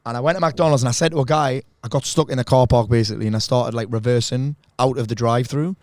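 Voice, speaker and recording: A man's voice: mid-range voice, darkish tone, dry recording, clean studio sound. A man, hosting a podcast in casual banter, joking and swearing freely. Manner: swearing, joking, fast chatter. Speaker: podcast host.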